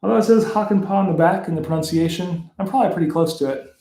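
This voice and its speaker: A man's voice: sits high, racing, warm tone, reverberant. A Canadian man hosting a card break, casually calling out player names and laughing at the hard-to-pronounce ones. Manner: reads off player names, chuckles at tricky pronunciations. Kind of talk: casual card-opening commentary.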